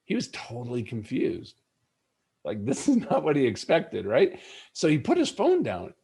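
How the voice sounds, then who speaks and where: A man's voice: mid-range voice, wildly swooping pitch, normal speed, dark tone, breathy edge. A middle-aged man, a guest in an interview, earnestly telling a personal story and acting out bits of dialogue.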